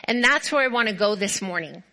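A woman pastor preaching a sermon, telling a story with animated emphasis and repeated build-up phrases. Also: mid-range voice, brisk, poor audio. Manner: animated storytelling, acts out quoted voices; repetitive emphatic build-ups.

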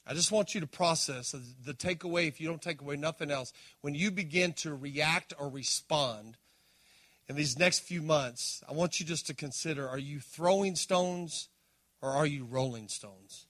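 A man preaching a sermon as pastor, swinging between loud emphasis and hushed appeals and calling out to his listeners. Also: fairly high pitch, normal speed. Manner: calls out to the congregation.

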